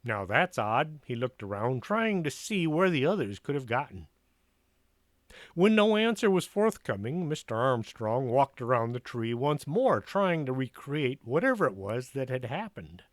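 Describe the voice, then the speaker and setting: Male storyteller, animated, expressive read-aloud; dry, close mic. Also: mid-range voice, moderate pace, no echo.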